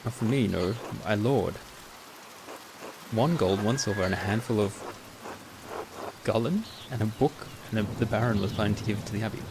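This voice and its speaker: A man voicing a polite male servant of a baron, who speaks in a measured, formal and deferential way as he reads game dialogue aloud. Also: lowish voice, close to an everyday voice. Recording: steady rain noise behind.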